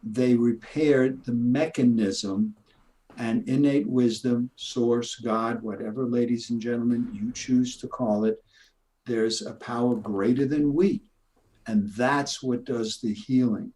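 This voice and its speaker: Older guy chiropractor ranting about drugs, emphatic and preachy, mid pitch. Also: fairly even intonation, takes it slowly, dark tone, rough recording. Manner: emphatic, preachy, laughs at his own points. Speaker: guest, retired chiropractor. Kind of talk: casual interview chat.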